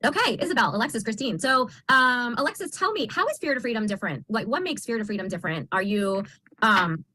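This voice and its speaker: A woman's voice: a little high, expressive, fast, no room sound. A woman coach hosting a group video call, asking members questions and affirming their answers. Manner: warm affirming interviewer, frequent agreement.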